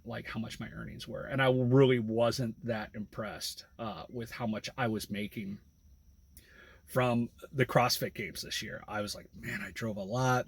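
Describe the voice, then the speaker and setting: A man's voice: medium pitch, no echo. A man who drives for a rideshare app, casually telling a story about a fare in a chatty vlog style, with bursts of laughter. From US Midwest. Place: in a parked car by a road.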